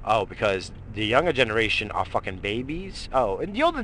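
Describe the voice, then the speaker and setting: A man's voice: mid-range voice, big pitch swings, brisk, a bit bright. A middle-aged man hosting a morning show, ranting heatedly about politics with constant swearing and rambling restarts. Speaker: radio show host. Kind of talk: profane political rant.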